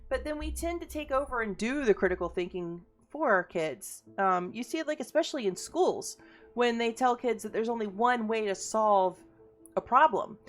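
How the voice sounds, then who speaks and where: A woman in casual chat as an interviewer, talking fast, chatty and swearing freely. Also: fairly high pitch, animated, soft background music.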